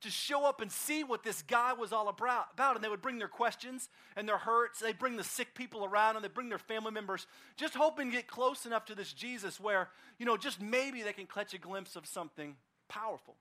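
Sex: man. Role: pastor. Style: conversational sermon. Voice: high and bright. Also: a little fast, few pauses. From Oklahoma, United States. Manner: casual, animated storyteller with frequent fillers.

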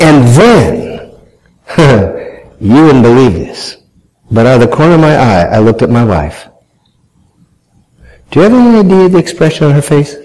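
Lively storytelling father. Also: fairly high pitch, poor audio. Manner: animated, self-mocking, acts out family members' voices. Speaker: father telling a family story to an audience. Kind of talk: humorous storytelling talk.

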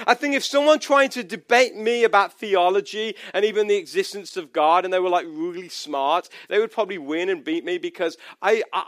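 A man's voice: sits high, bright, forceful tone, dry recording, clean studio sound. A pastor in his thirties preaching a personal, conversational sermon, often restarting his sentences.

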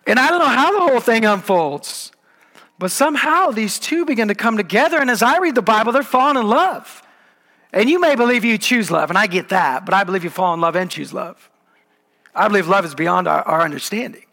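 A man preaching a sermon, telling the story in a casual, conversational way with lively asides. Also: high-pitched, brisk. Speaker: pastor. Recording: long hall reverb.

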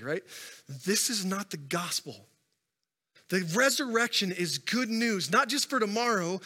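A man's voice: high-pitched, bright, forceful tone. A man preaching a sermon as a pastor, telling stories with rising and falling intensity, recorded in a church sanctuary on a stage microphone. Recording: long reverb of a large hall.

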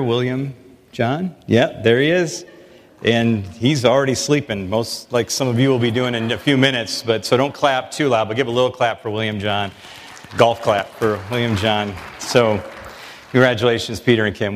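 Conversational male pastor in a reverberant hall. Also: medium pitch. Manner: conversational preaching, acts out Bible dialogue. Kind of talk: sermon. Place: church sanctuary.

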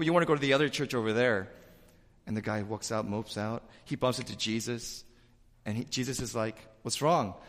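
A man preaching a sermon in a church, animated, with loud emphatic bursts and asides to the congregation. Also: medium pitch. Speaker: pastor. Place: church sanctuary. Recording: reverberant church hall.

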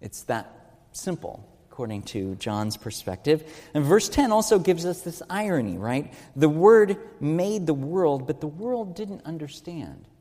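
A man's voice: a little high, big pitch swings, unhurried, warm tone, long reverb tail. A man giving an earnest teaching sermon, stressing key words and asking rhetorical questions. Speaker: preacher.

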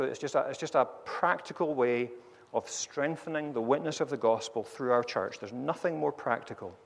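A man's voice: mid-range voice, creaky. A man preaching a sermon to a congregation in earnest, varied tones, moving from story to prayer. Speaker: pastor. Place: church. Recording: long reverb of a large hall.

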